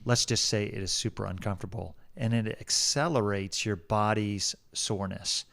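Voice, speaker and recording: Low-voiced man telling a story unhurriedly. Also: fairly even intonation, creaky, a bit bright. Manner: deliberate storyteller who often corrects himself mid-sentence. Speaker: podcast co-host. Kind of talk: casual podcast conversation.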